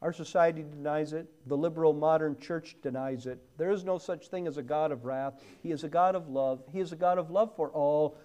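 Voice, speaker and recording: A man's voice: a little high, steady tone, fairly quick, hardly any pauses, mellow. A man preaching a sermon, swelling hard on key words and then dropping almost to a whisper. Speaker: pastor.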